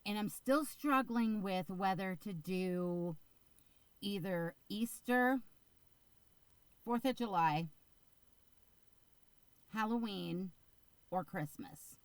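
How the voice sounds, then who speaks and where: Slow, chatty woman with dry sound. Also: medium pitch, clean tone, no room sound, rough recording. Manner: rambling, filler-heavy, chatty and unsure. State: getting the hiccups. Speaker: crochet vlogger. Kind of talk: casual chat to camera.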